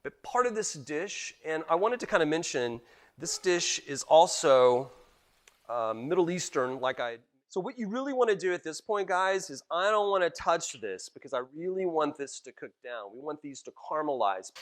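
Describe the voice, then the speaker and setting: A man's voice: fairly high pitch, sing-song, moderate pace. A man cooking on camera as a guest cook, chatty and explaining each step while calling the viewers "guys". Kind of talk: cooking demonstration.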